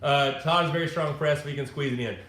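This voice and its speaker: Casual man hosting a live chat, halting comment reader, voice bouncing around a roomy space. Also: a little high, fairly even intonation, a bit bright. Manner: loose, halting, reads comments aloud with restarts. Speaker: live-stream host answering viewer comments. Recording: echoey room with faint ambience.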